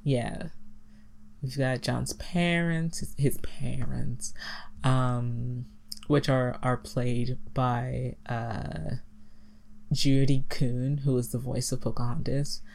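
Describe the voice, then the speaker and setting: A woman's voice: a bass voice, slow, vocal fry. A woman casually retelling a movie plot, giggling often and filling with "like" and "um". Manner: giggly, animated storytelling with many fillers. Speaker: podcast co-host recapping a movie. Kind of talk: casual chat.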